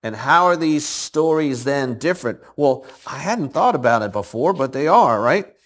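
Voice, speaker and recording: A man's voice: mid-range voice, lively intonation, normal speed, fairly bright tone. An older man, a grandfather, teaching a Bible story to a group. He keeps asking them questions and acts out the quoted lines. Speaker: preacher. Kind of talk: Bible teaching with congregation responses.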